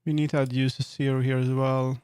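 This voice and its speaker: A man's voice: medium pitch, little pitch movement, a little fast, darkish tone, clear, resonant tone, dry recording, clean studio sound. A man chatting casually on a live stream, thinking aloud and correcting himself as he works. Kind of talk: casual live-stream chat while working.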